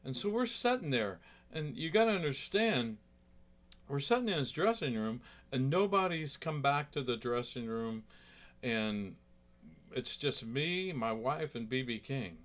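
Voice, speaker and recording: A man's voice: mid-range voice, lively intonation, measured pace, a bit bright. A man who plays guitar telling a story in a rambling, chatty way, full of asides. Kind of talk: casual storytelling.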